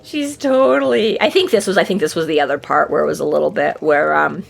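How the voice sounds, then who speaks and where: A woman's voice: low voice, a little fast, creaky. A woman co-hosting a book podcast in casual chat, swearing freely and acting out the characters' lines. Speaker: podcast co-host.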